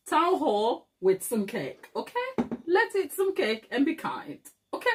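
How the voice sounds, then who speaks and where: Lively laughing woman chatting with viewers. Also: sits high, unhurried. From Africa. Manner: laughs often, chatty and warm, calls viewers darling. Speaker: baking channel host. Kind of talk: casual livestream chat with viewers.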